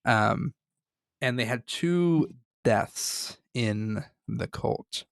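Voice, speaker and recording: A man's voice: medium pitch, expressive, drawn-out words, creaky, no echo, clean studio sound. A man co-hosting a podcast in casual chat, joking and swearing freely as he reads through a story. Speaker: podcast co-host.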